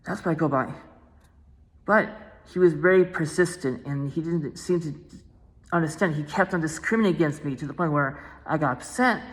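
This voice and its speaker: A woman's voice: sits low, normal speed, big-room sound, poor audio. A woman vlogger talking casually to the camera, repeating herself and restarting phrases, insistent and aggrieved.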